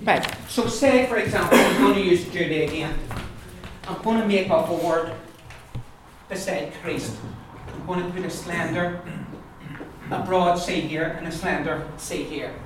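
In a very echoey, noisy room far from the microphone, a language teacher runs a classroom pronunciation lesson for a group of learners. Her medium-pitched, unhurried voice repeats words again and again as she explains patiently.

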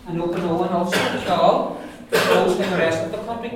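A man's voice: high-pitched, a little fast. A man teaching a language class, explaining in loose restarts and often checking with his students. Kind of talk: classroom lesson. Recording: echoey room from far off, noisy.

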